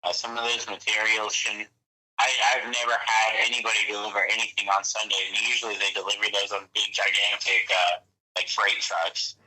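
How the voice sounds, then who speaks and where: A man on a phone call who answers haltingly, with many restarts, and sounds apologetic. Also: lowish voice, little pitch movement, pushed and bright. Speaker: prank call target. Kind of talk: phone conversation.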